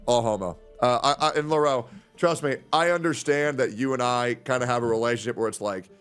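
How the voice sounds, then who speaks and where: A young man streaming in casual chat, animated and swearing freely. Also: mid-range voice, fairly quick, clear, resonant tone, soft background music. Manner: animated, swearing, jumps into impressions.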